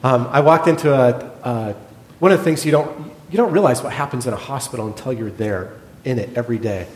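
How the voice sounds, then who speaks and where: A middle-aged man preaching a sermon, telling a hospital story in a lively way and acting out the other people's lines. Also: brisk. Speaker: pastor, former hospital chaplain. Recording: echoey hall with a faint rumble.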